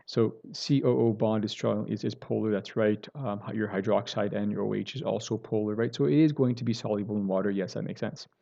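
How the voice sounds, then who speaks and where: A man's voice: fairly low pitch, steady tone, fairly quick, creaky, hardly any pauses, mellow, lo-fi sound. A man teaching a recorded chemistry lecture, explaining step by step and often checking in with "right?" and correcting himself as he goes.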